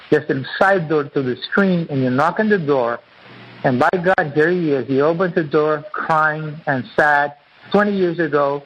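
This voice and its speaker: A man's voice: fairly high pitch, husky. Earnest man explaining on a dull radio line. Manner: earnest, repetitive, teacherly. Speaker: guest author and acupuncturist. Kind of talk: interview, explaining his teaching.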